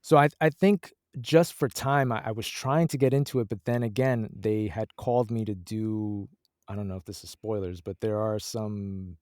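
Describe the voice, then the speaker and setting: Low-voiced man, dry close sound. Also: moderate pace, dry recording. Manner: animated, acts out his own thoughts, laughs often. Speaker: audiobook narrator guest. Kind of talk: casual interview chat.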